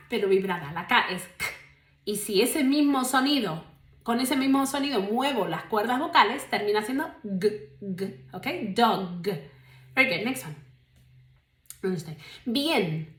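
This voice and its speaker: A woman with an Australian accent teaching English, slowly and carefully modeling each word's pronunciation for learners. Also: on the high side, lively intonation, fairly bright tone. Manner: slow, deliberate pronunciation modeling. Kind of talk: language lesson drills. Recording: roomy echo.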